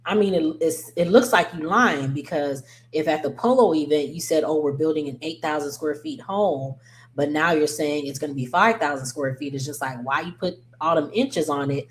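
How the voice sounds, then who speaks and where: Woman recap vlogger, low voice, casual and opinionated, rambling with ums. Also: moderate pace, slight background noise. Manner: chatty, digressive, frequent ums and self-corrections; slangy, opinionated commentary. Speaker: reality TV recap host.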